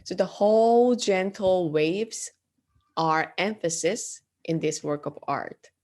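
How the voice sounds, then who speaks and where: A woman's voice: on the low side, slow, a little mellow. A woman teaching an art class, explaining design terms step by step with frequent ums and uhs and questions to the class. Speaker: art instructor. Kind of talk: lecture.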